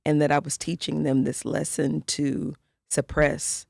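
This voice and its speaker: A middle-aged woman co-hosts a podcast, sharing a personal story in candid, casual conversation and acting out the voices of people she quotes. Her voice is low, gravelly, and darkish with little pitch movement, a little slow, and the recording is dry with clean studio sound.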